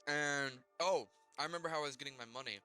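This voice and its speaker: A young man recapping his tabletop game character's backstory, halting, with many fillers and restarts. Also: on the high side, sharp tone, clean tone, soft background music. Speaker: player.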